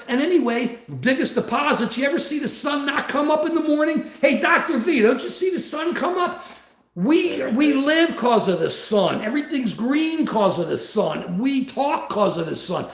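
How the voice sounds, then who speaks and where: Man, worked-up livestream host, high voice, pitch swinging all over, echoey room. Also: moderate pace. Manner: excitable, worked up, reads out viewer comments. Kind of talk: casual livestream chat.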